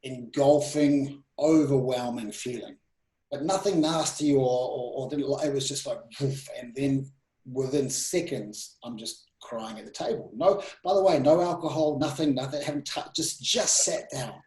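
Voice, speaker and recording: A man in his thirties telling personal stories in an interview, animated and full of restarts and quoted self-talk. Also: mid-range voice, normal speed. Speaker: guest speaker. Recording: roomy echo.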